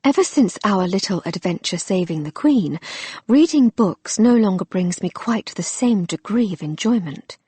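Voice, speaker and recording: A coy young English wife full of mischief, as a woman narrator puts her on. She teases in a breathy, husky tone that climbs upward, close and dry with no room sound. An audiobook figure, playful and daring. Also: medium pitch, expressive, moderate pace, mellow, dry recording. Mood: earnest.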